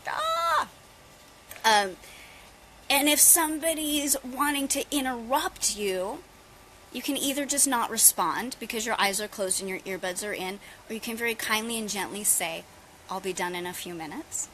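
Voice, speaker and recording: A middle-aged woman yoga teacher talking casually to her viewers about her practice, chatty and relaxed. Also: on the high side, normal speed, slight background noise, poor audio. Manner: chatty, relaxed, addresses viewers as "you guys". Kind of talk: casual live-stream yoga talk. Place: outdoors on holiday.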